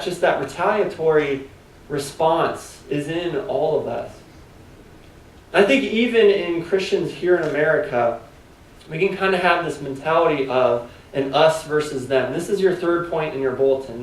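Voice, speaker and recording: A man preaching to his congregation in a relaxed, chatty manner, often asking them questions. His voice sits a bit high. He sounds set back from the mic in a reverberant church room. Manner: conversational, filler-heavy preaching with rhetorical questions. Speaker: pastor. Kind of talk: sermon. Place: church sanctuary. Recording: echoey church hall, mic at a distance.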